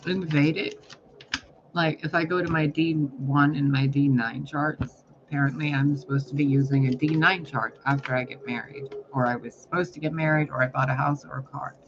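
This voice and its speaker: Male spiritual reader, rambling and foul-mouthed, slightly high voice, faint hiss behind. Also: normal speed. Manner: rambling, profane, animated storytelling. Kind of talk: casual spiritual reading monologue. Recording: dull lo-fi recording.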